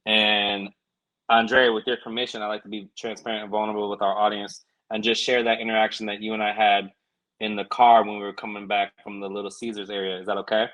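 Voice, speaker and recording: Bright-voiced earnest man telling a story. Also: on the low side, flat delivery, fast, low-quality recording. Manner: earnest, reflective storytelling with many fillers. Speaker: podcast co-host. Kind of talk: casual podcast chat.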